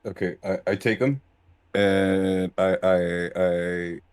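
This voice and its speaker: A man's voice: sits low, flat delivery, slow pace, darkish tone, clear, resonant tone. A man player in a casual tabletop game chat, rambling and stammering.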